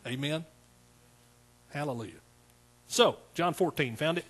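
A man with a husky, slightly breathy voice that sits a little higher than most men's. He preaches a sermon in a loose, conversational way, repeating words as he goes and checking in with his congregation by asking them questions. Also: normal speed, pauses often. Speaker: pastor.

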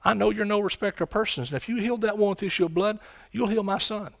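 Impassioned preacher, fairly high voice. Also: male voice, rapid-fire, creaky. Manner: impassioned, rising to shouts and dropping low. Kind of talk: sermon.

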